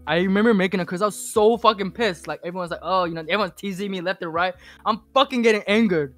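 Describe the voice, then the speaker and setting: A man's voice: high-pitched, fast talker, faint music behind. A man being interviewed as a podcast guest, telling a casual story full of swearing and restarts. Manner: rambling, heavy swearing, animated retelling.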